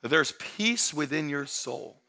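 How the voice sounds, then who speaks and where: A man preaching a sermon as pastor, talking straight to his church in a conversational way and often rising to emphatic, shouted excitement. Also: a little high, a little slow. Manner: conversational, addresses the congregation directly.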